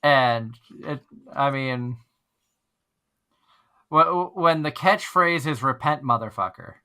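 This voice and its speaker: Bright-voiced male radio host. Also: fairly high pitch, drawn-out words, smooth. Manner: rambling, restarts often. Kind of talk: casual chat.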